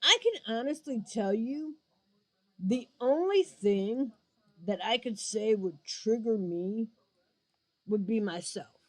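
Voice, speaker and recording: Woman vlogger, slow and deliberate delivery, blunt and emphatic, casual opinion piece. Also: a little high, rough recording. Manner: blunt and emphatic, with mocking asides. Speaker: YouTube vlogger and gamer. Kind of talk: frank opinion vlog.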